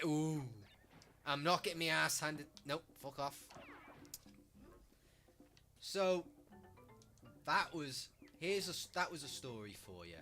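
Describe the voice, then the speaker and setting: Teen Scouse male streamer, sweary rambler, bright forceful tone, middle pitch. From Liverpool, England. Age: late teens. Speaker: live streamer. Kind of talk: casual live-stream chat.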